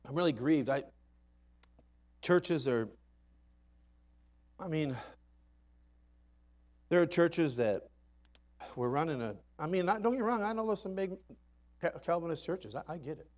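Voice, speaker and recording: A man preaching in a church in a folksy, emphatic manner. His voice sits a little higher than most men's, and he swings from quiet asides up to loud climaxes. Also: animated, slow, long pauses. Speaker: pastor. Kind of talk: sermon. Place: church sanctuary.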